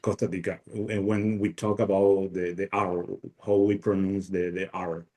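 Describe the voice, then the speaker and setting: Paraguayan man, halting, mellow voice. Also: deep voice, level tone. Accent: Paraguayan Spanish. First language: Spanish. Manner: halting, many restarts and fillers, laughs often. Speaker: guest speaker. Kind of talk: casual video call chat.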